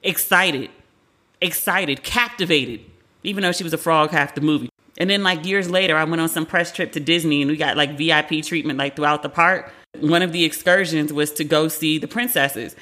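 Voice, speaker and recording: Woman in her 40s doing casual pop culture chat, bright forceful voice, swears a lot. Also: low-pitched, fairly even intonation, brisk, few pauses. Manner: chatty, candid, swears freely, acts out quotes. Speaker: podcast host.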